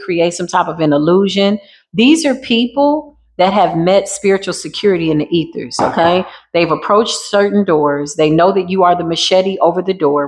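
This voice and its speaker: A woman giving a casual spiritual tarot reading to her viewers, blunt and slangy. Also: on the low side. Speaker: tarot reader.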